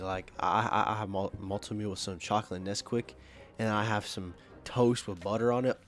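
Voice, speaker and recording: A man's voice: lowish voice, fairly even intonation, normal speed. A young man giving casual, rambling gameplay commentary at home, swearing often and full of fillers and restarts. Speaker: gaming video creator. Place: home, at his computer.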